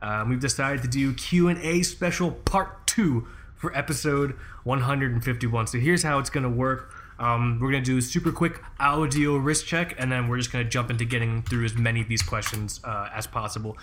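A man's voice: medium pitch, steady tone, normal speed, fairly bright tone. A man co-hosting a podcast in casual banter, rambling and joking at his own expense. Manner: rambling, jokey, self-deprecating. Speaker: podcast co-host.

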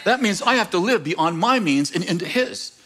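A man preaching with a high, bright, ringing voice. He tells stories with lots of animation, speaks straight to the congregation and acts out the voices in his stories. At his peaks he turns emphatic and close to shouting. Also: normal speed. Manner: animated storytelling, rising to emphatic near-shouting; acts out quoted voices and addresses the congregation directly. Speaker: pastor. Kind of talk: sermon.

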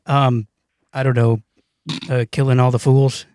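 A man's voice: medium pitch, flat delivery, unhurried, a little mellow, no room sound, clean studio sound. A young man on a casual podcast who reads out questions and teases his friends, sometimes hesitating. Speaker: podcast co-host reading questions. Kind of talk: casual banter among friends.

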